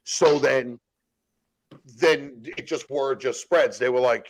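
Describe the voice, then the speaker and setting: A man's voice: mid-range voice, a little slow, gravelly, no room sound, rough recording. A man in casual chat, telling stories with lots of swearing and acting out what others said. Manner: profane, storytelling, acts out quotes. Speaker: guest telling prison stories.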